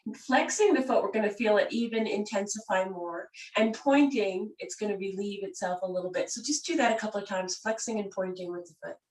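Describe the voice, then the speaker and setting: A woman teaching a gentle yoga and breathing class, guiding calmly and softly. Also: mid-range voice, a little fast, hardly any pauses. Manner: calm, gentle, soothing guidance. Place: room where she does yoga on a mat. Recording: roomy sound from a distant mic.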